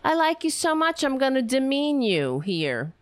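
A woman's voice: high-pitched, sing-song, normal speed, no room sound, clean studio sound, voice pushed up. A woman mimicking a whiny, self-pitying male politician who plays the victim in a mock-innocent voice.

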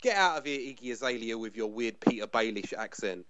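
A man's voice: medium pitch, lively intonation, lo-fi sound, background noise. A man with a London accent, a podcast guest who chats casually and laughs often. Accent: London English. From England. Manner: chatty, quick to laugh, full of restarts. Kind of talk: casual pop-culture chat.

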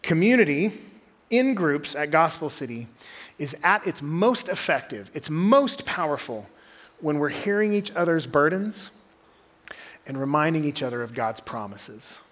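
A man's voice: a little high, animated, measured pace. A young adult man, preaching a sermon as a groups pastor in a conversational storytelling way. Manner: conversational storytelling, drops to quiet intensity.

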